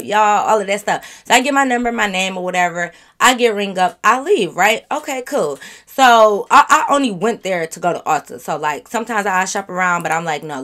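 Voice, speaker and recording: A woman tells a storytime vlog, chatty and animated. She talks straight to her viewers, with lots of asides and quick rhetorical questions. Her pitch sits in a middle range. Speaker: vlogger.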